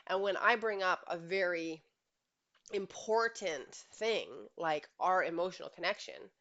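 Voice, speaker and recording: Low-voiced woman coach, earnest and emphatic. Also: measured pace, a bit bright, dull audio. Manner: earnest and emphatic, with rhetorical questions and short laughs. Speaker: relationship coach. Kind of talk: direct-to-camera advice monologue.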